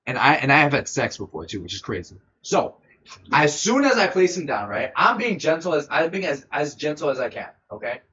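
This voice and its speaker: Animated, swearing young man telling a story. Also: fairly high pitch, brisk, muffled recording, a little hiss or hum. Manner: animated, profane, repeats himself often. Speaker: streamer. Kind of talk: casual storytime vlog.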